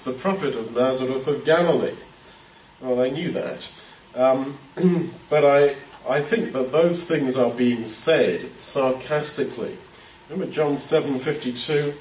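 A man's voice: medium pitch, a little mellow, slight background noise. A man giving a conversational Bible-teaching sermon, thinking aloud with frequent fillers and restarts. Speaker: preacher. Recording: roomy sound from a distance.

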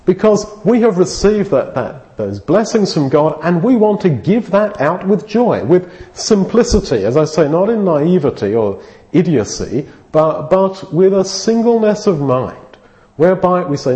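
A man's voice: sits high, sing-song, unhurried, dark tone. A man preaching a sermon, earnest and thinking aloud, often restarting his phrases.

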